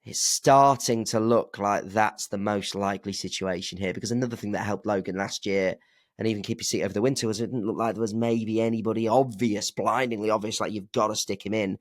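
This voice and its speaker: This podcast co-host talks a little fast in a low, fairly even voice, chatting casually and speculating. Chatty and self-interrupting, he often begins sentences again; the sound is clean and studio-like, with no room echo.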